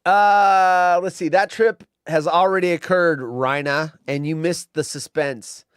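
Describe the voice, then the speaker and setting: A man's voice: a little high, steady tone, a little slow, smooth, no room sound, studio quality. A man hosting a podcast in casual chat, teasing his co-host with jokey banter.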